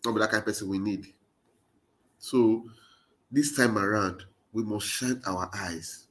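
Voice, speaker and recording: A man's voice: fairly low pitch, unhurried, fairly bright tone. A man with a Nigerian Pidgin accent giving an impassioned political monologue, urging his listeners with repeated rallying phrases. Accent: Nigerian Pidgin English. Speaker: political commentator.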